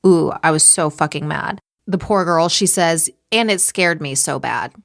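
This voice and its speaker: A woman with a fairly low voice recaps a documentary on a casual podcast. She is blunt and swears a lot. She drops into quoted lines as she retells the scenes. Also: normal speed, gravelly.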